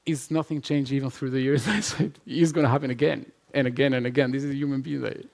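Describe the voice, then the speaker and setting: A man speaks at a live conference, hammering points with repetition. His voice sits in a middle pitch, and he laughs easily as he answers questions. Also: fairly even intonation, fast, creaky, a little mellow. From Albania. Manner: emphatic, repetitive, laughs often. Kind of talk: conference talk and Q&A. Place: conference hall with live audience.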